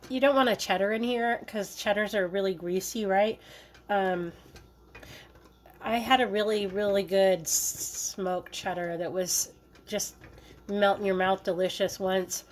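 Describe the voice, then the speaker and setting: A woman's voice: mid-range voice, steady tone, unhurried, long pauses. A woman hosting a cooking video, chatting casually in a playful, joking way while she works in her home kitchen. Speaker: cooking vlogger.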